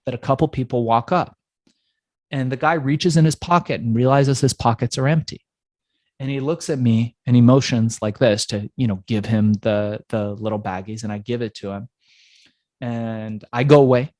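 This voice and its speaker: A man's voice: medium pitch, moderate pace, a little mellow, no room sound. A man being interviewed, telling a story from his past with energy and acting out the voices of people in it. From Iran. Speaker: entrepreneur guest.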